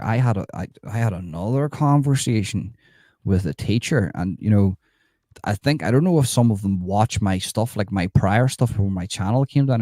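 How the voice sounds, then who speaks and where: A man's voice: fairly low pitch, dark tone, no echo, clean studio sound. A middle-aged man, rambling and swearing as he hosts a live stream and retells conversations.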